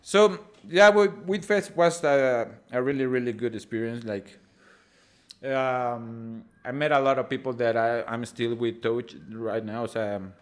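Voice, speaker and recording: A man's voice: medium pitch, fairly even intonation, measured pace. A Mexican man hosting a casual chat, telling rambling stories with many restarts and casual swearing. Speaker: host.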